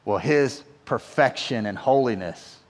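This pastor's mid-range voice has lively intonation and a slightly slow pace. Preaching in a church hall that rings with long reverb, he talks in a chatty way, repeats words, and asks the congregation "right?"

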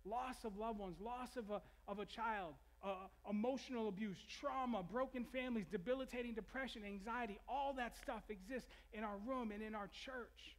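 Pastor guy preaching, pretty high voice, open and personal, lots of restarts, long hall echo. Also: normal speed, hardly any pauses. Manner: personal, confessional storytelling with frequent restarts. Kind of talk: sermon. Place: church hall.

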